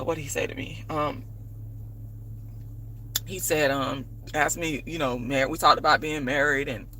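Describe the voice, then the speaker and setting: A woman telling a story to camera in a casual vlog, animated and emphatic, swearing freely. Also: deep voice, slight background noise, poor audio. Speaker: vlogger and playwright.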